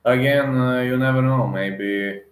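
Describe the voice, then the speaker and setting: A man's voice: medium pitch, measured pace, roomy sound. A man giving a heated, casual rant as an MMA reaction vlogger. He repeats himself with emphasis, and he fills his talk with restarts and hesitations. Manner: repetitive, emphatic, many fillers and restarts.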